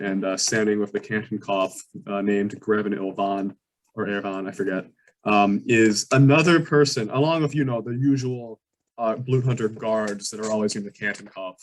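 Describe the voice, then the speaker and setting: A man running a tabletop role-playing game as game master. His voice sits a little low, and he describes the scene loosely, with plenty of fillers and restarts. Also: flat delivery, moderate pace.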